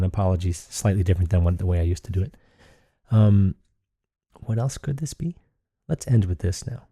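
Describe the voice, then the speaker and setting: A man's voice: low voice, dark tone, husky, no echo, clean studio sound. A man hosting a solo podcast, rambling and thinking aloud with frequent restarts. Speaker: podcast host.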